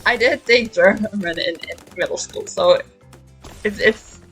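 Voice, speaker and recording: A chatty young woman streaming a video game, talking in a casual, giggly way and often stumbling over repeated words while she thinks. Her voice sits at an ordinary middle pitch for a woman. Faint game music plays behind her. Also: measured pace, a bit bright, rough recording. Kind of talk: casual gaming stream chat.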